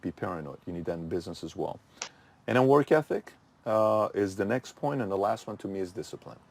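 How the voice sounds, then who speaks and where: A man's voice: low-pitched, lively intonation, fairly quick, a little mellow. A middle-aged man hosting his channel, giving a punchy motivational talk full of rhetorical questions that he answers himself. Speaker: channel host.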